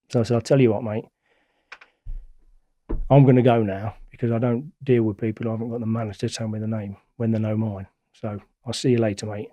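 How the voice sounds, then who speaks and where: A middle-aged man, a guest telling stories in a blunt, colloquial, animated way. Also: on the low side, a little fast, long pauses, no echo, clean studio sound. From England. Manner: blunt, colloquial, animated retelling with acted-out quotes. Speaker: interview guest. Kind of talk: casual storytelling.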